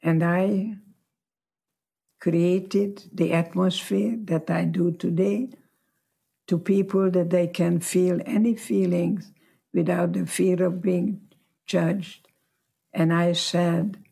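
A woman in her nineties, a guest telling her life story slowly and reflectively. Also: fairly low pitch, level tone, gravelly, mellow. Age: 90s.

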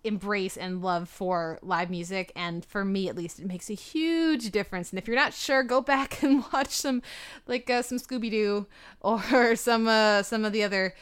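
Woman co-host, smooth clear voice, chatty, filler-heavy casual talk. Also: mid-range voice, moderate pace. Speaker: podcast co-host. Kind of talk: casual chat.

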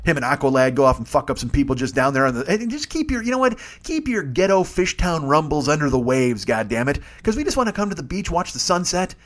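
A man's voice: a little high, very animated, fast talker, hardly any pauses. A middle-aged man riffing profanely in a casual comedy rant.

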